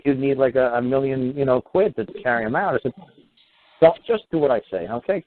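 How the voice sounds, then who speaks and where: Man telling a story over a tinny line. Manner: animated, acts out quoted voices with rising pitch. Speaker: talk show host. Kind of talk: casual storytelling monologue.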